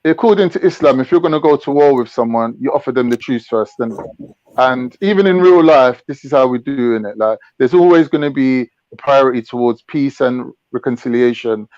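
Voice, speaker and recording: A man's voice: medium pitch, fairly quick, darkish tone, dry recording. A man hosting a casual chat, ranting and mocking in crude slang. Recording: dull, dry lo-fi mic.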